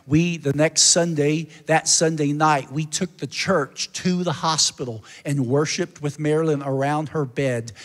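A male pastor telling a story in a sermon, earnest and narrative, building to a fervent call to the congregation. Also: on the high side. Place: church sanctuary. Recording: long church hall reverb.

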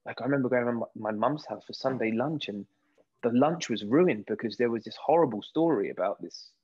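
A British man in his thirties, a guest actor in a casual interview, telling lively stories and acting out what people said. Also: mid-range voice, a little fast, slightly rough, highs cut off. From Britain. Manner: lively storyteller who acts out quoted voices.

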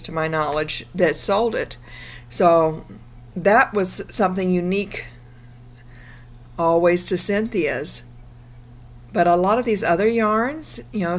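A woman, chatting upbeat in a casual travel vlog, her voice a little rough from the morning. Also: on the low side. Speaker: vlogger.

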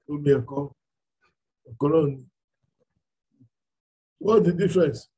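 A man's voice: fairly high pitch, takes it slowly, warm tone, slightly rough, low-quality recording. A man with a Nigerian accent preaching a sermon, emphatic and full of rhetorical questions.

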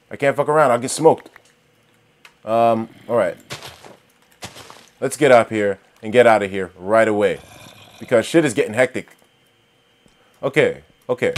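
A man giving let's-play commentary, excitable and profane, yelling at monsters and talking straight to his viewers. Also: fairly low pitch. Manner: excitable, swears and yells at game monsters. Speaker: gaming commentator.

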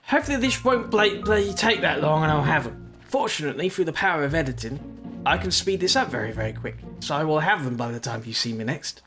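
A man's voice: fairly high pitch, expressive, fast talker, music in the background. A man commenting on a game he plays, sarcastic and mock-exasperated. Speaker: gaming video host.

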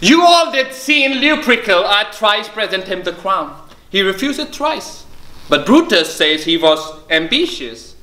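An actor playing a drama student who recites a classical speech theatrically, breaking into swearing. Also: male voice, high voice, very animated, unhurried, sharp tone, heavily acted. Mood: defiant. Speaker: acting student. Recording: echoey room.

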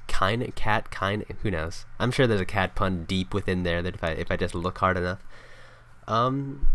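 A man's voice: sits low, moderate pace, bright, forceful tone, slight background noise. A young man giving casual let's play commentary. He jokes, laughs often and reads game text aloud.

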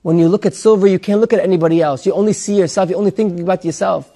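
A man teaching a Torah class, telling a story in an animated way and mixing in Hebrew words. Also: high-pitched, rapid-fire, hardly any pauses. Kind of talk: sermon with an acted story.

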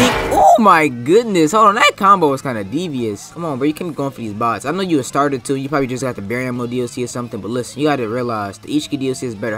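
A young man giving slangy, excitable gameplay commentary, trash-talking opponents and repeating short catchphrases. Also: mid-range voice. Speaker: gaming YouTuber.

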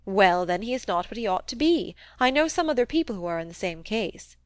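A woman's voice: mid-range voice, very animated, a little fast, no echo, natural voice. Woman playing a dry, blunt young woman.

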